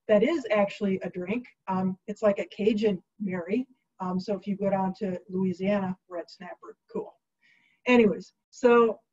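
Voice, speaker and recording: A woman chats her way through a history story, breezy and jokey, full of fillers and little quoted asides. Her voice sits at an ordinary middle pitch. The recording sounds a bit dull and lo-fi. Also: darkish tone. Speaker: host. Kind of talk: casual chatty history storytelling.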